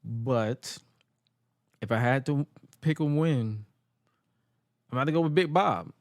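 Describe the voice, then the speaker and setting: A man's voice: medium pitch, unhurried, no echo. A man co-hosting a podcast, chatting casually about wrestling, loose and rambling, tripping over names. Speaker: podcast co-host.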